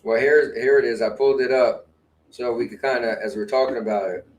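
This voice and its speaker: A man co-hosting a casual gaming podcast, relaxed and joking, with a bit of playful bragging. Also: mid-range voice, a little fast, poor audio. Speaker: podcast co-host.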